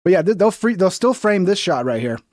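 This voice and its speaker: A man giving heated, profane livestream commentary over video clips, mocking opposing views in a high voice. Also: sing-song, brisk, a little mellow, no echo, studio quality. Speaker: political commentary streamer.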